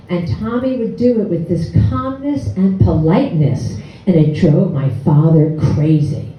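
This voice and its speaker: A woman in her sixties telling a personal story on stage, wry and animated, acting out her own past lines. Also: mid-range voice. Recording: echoey hall, distant dull mic.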